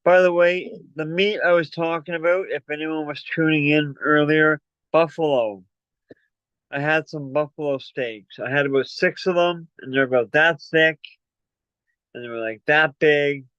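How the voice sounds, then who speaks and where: A man's voice: a little high, fairly even intonation, moderate pace, fairly bright tone, clean tone, dry recording. A man hosting a casual livestream, chatty and rambling, out of breath from running up and down stairs. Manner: rambling, chatty, plugging merch. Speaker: livestream host. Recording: dull lo-fi call audio.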